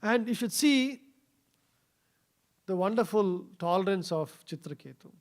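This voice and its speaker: A man giving a scripture class in a temple, telling a story with many fillers and pauses. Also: sits high, expressive. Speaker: scripture speaker. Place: temple hall.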